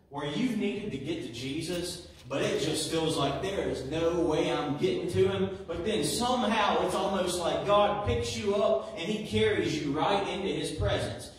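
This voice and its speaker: A man preaching a sermon in a church, in a conversational, chuckling manner. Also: high-pitched. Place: church sanctuary. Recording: echoey church hall from far off.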